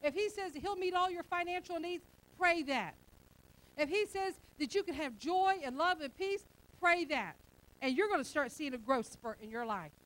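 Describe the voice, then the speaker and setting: A woman's voice: very high-pitched, expressive, normal speed, a bit bright, rough recording. A middle-aged woman pastor preaching a sermon, emphatic and repetitive, acting out bits of everyday dialogue.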